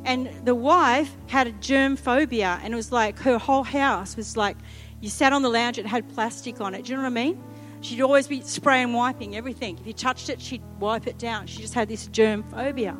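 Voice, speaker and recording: A woman's voice: a little high, fairly quick, faint music behind. A middle-aged woman, telling a humorous story in a sermon and acting out the quotes. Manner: lively, humorous, acts out quotes. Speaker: preacher.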